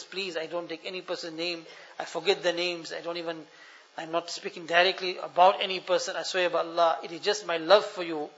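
A man preaching a sermon, telling a story and pleading earnestly with his listeners, dropping to a hush and then rising loud. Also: high-pitched, gravelly. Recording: dull lo-fi sound.

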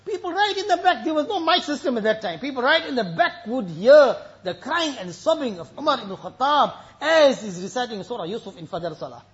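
A very high-voiced man delivering an emotional sermon, telling stories and weaving in Arabic recitation. The sound is dull and lo-fi. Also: very animated, a little fast, few pauses, fairly bright tone. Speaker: preacher.

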